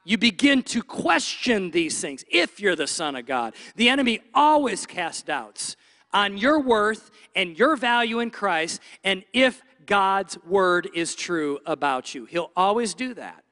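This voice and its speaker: Preacher guy, high bright voice, big churchy reverb. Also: takes it slowly. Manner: animated preaching, acts out inner doubting voices. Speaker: pastor. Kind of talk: sermon. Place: church stage.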